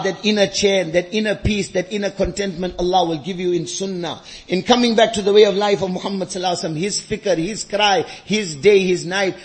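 A man's voice: sits high, fairly even intonation, quick pace, few pauses. A man giving an impassioned sermon, repeating phrases and rising to emotional peaks, with Arabic phrases woven into his English. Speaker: preacher.

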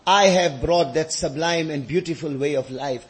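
High-voiced man preaching with passion. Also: moderate pace. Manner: impassioned, building to emotional peaks; mixes Arabic phrases into English. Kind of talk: sermon.

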